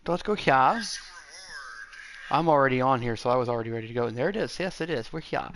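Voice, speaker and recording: A man's voice: mid-range voice, lively intonation, fast, a little hiss or hum. A man hosting a gaming channel, chatting casually and rambling, swearing and talking to himself while he hunts around his room at home.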